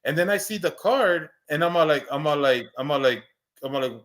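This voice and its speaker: A man's voice: on the high side, expressive, fairly quick, fairly bright tone. A man in his thirties telling a long personal story in casual chat, full of restarts and repeated words, swearing now and then. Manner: acts out quoted lines in a raised voice. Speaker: podcast co-host.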